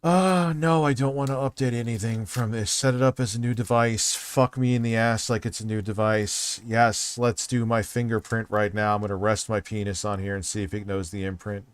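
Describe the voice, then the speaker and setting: A man's voice: lowish voice, steady tone, normal speed, hardly any pauses, smooth. A man hosting a casual livestream, swearing and ranting in exasperation at a device. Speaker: streamer host.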